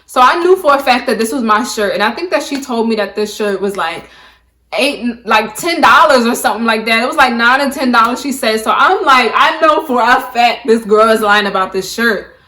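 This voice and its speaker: A woman's voice: a little high, expressive, normal speed, pushed and bright. Emphatic young woman vlogger telling a story. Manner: emphatic, peppers talk with "like". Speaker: beauty vlogger. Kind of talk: casual storytime monologue. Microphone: camera mic, talking to camera.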